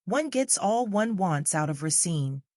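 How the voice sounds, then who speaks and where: A cold, uneasy gentleman, voiced by a woman narrator in an audiobook, cutting and a little declamatory. The voice sits slightly low. It is recorded dry and close. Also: very animated, measured pace, dry recording.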